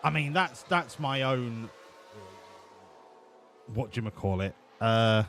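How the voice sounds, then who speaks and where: A man's voice: mid-range voice, lively intonation, slow, fairly bright tone, slight background noise. A man commentating his game livestream, joking and swearing as he banters with his chat. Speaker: streamer. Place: home room.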